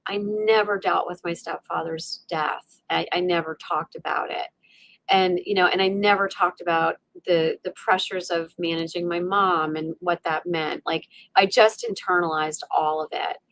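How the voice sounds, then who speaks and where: A middle-aged woman telling a personal story as an interview guest, animated and full of fillers, acting out her own inner voice. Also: fairly low pitch, normal speed, no echo. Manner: many fillers and restarts like "you know" and "like". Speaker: podcast guest.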